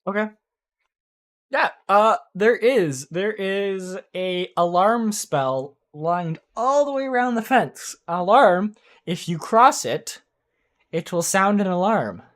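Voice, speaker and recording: Halting, rambling game master. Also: medium pitch, animated, a bit bright. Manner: halting, filler-heavy, self-correcting. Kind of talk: tabletop game narration.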